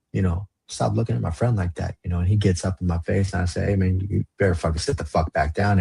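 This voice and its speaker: A man's voice: deep voice, darkish tone, slightly rough, dry recording. A man from the Los Angeles area, a podcast guest telling his story in casual, slang-heavy, profane talk. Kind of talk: storytelling interview.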